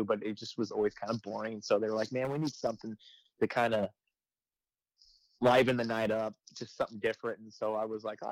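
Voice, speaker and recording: A man's voice: fairly low pitch, dry recording, rough recording. A man who works as a firefighter and makes comedy videos, telling a story in a casual interview, with lots of fillers and restarts. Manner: rambling, many restarts and fillers.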